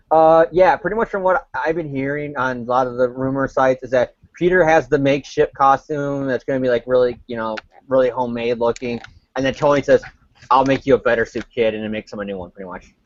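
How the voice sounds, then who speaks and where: A man in a casual fan discussion, talking in a relaxed, offhand way. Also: medium pitch, brisk, no echo. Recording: dull lo-fi audio.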